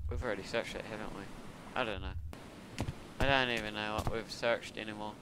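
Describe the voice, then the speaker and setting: A man giving casual commentary as he plays a game, excitable and talking to himself, with sudden yelps and laughs. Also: fairly low pitch, fairly quick, background noise. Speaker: gaming video creator.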